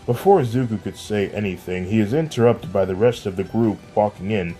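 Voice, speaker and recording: A man narrating a fan-made story in a plain, steady way, with small slips, over faint music. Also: fairly low pitch, brisk, few pauses. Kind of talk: amateur fan-fiction storytelling.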